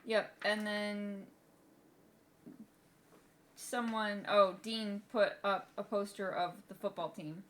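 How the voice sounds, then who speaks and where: A woman co-hosting a casual book podcast, chatty and expressive. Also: medium pitch, slow pace, pauses often. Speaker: podcast co-host.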